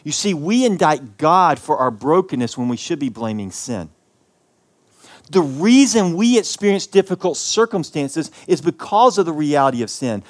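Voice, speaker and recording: A male pastor from the American South delivering a sermon, preaching with passion and sweeping from loud peaks to hushed lines. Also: on the high side, very animated, moderate pace. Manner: impassioned preaching with big swings in loudness.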